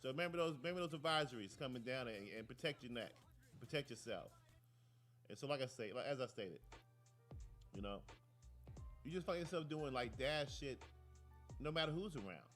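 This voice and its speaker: A man's voice: medium pitch, fairly quick, long pauses, faint music behind. A man hosting a talk show, ranting and telling stories in a casual, profane, digressive way from a studio. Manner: animated, profane, digressive storytelling. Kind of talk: casual rant and commentary.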